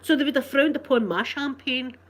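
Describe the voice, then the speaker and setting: A woman's voice: high voice, a little fast. A woman with a Glasgow accent chatting casually with her live viewers, rambling and laughing often. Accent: Scottish, Glasgow. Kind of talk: casual live-stream chat.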